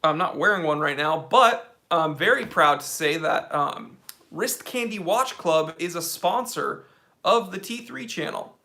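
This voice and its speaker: Man, stream host, casual Q&A, fairly high voice, rambling with fillers. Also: animated, unhurried, creaky, pushed and bright. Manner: chatty, rambling, lots of fillers. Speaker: watch channel host. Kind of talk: casual live Q&A.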